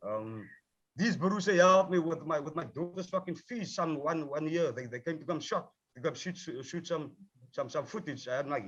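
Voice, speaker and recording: A man speaks heatedly about his craft, swearing freely and circling back over his points. His voice sits a bit high for a man. The sound is dull and muffled, as if it came over a video call. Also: animated, moderate pace, fairly bright tone, slightly rough. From South Africa. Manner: passionate, profane, repeats himself. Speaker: rapper, film subject. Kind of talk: heated panel discussion.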